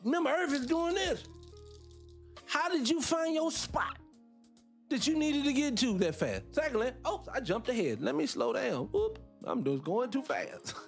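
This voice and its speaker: A man hosting a casual livestream, talking in a rambling, animated way, often correcting himself and swearing. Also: very high voice. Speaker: livestream host.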